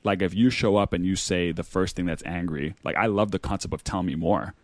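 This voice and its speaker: A man's voice: low voice, brisk, darkish tone, dry recording. A man co-hosting a podcast who explains his ideas with energy and acts out the examples he gives. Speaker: podcast co-host. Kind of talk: casual podcast conversation.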